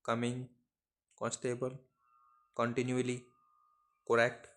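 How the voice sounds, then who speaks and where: Slow, monotone man dictating words. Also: mid-range voice. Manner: measured, monotone delivery of isolated phrases. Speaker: shorthand dictation reader. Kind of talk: slow dictation of word lists.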